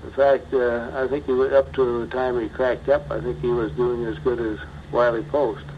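An older man, a former pilot, slowly telling his memories in an interview, with many pauses and fillers. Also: medium pitch, flat delivery. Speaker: retired bush pilot. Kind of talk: oral history interview. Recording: muffled archival tape with faint hiss.

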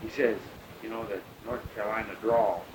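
An older man, a pilot, recounting his past in a rambling, halting way full of fillers. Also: fairly low pitch, fairly even intonation. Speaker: bush pilot telling his story. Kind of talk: oral history storytelling. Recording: noisy recording.

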